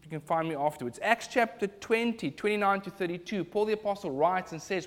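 A man's voice: high-pitched, fairly quick, hardly any pauses. A man preaching a sermon, emphatic and building in intensity.

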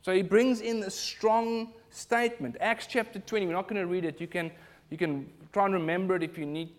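A man's voice: high-pitched, steady tone, brisk. A man preaching a sermon, emphatic and building in intensity.

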